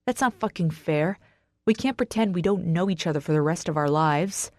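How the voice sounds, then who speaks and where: A woman voicing a brooding, intense estranged husband who growls his lines in a low, rough, pressing way. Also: normal speed, darkish tone, dry recording, studio quality, lightly acted. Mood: angry. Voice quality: raspy, growling.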